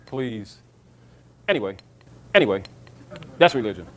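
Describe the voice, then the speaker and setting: A man's voice: on the low side, very animated, unhurried, fairly bright tone. A man giving an informal teaching talk to an audience, emphatic and repetitive, often asking whether his listeners understand. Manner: emphatic, repeats himself, asks listeners if they understand. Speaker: lecturer.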